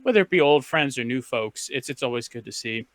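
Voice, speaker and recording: A man's voice: mid-range voice, animated, fairly quick, fairly bright tone. A man co-hosting a casual podcast, reflecting aloud in an easygoing way.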